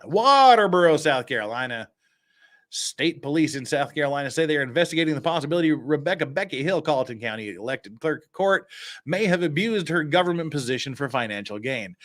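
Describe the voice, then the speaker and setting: A man from Utah, with the accent to match, hosts a casual live stream. He reads news articles aloud in a fairly high voice and cuts in with sarcastic remarks. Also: expressive, brisk, fairly bright tone. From Cache Valley, Utah. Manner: sarcastic asides while reading news aloud. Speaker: host.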